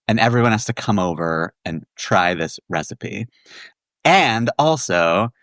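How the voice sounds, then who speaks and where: A man in his forties from the Washington, D.C. area, chatting as a guest on a podcast. He tells his story in an animated way and breaks into laughter often. His voice is a bit low, and the sound is close and dry. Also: no room sound. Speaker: guest, musical theater writer. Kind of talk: casual podcast chat.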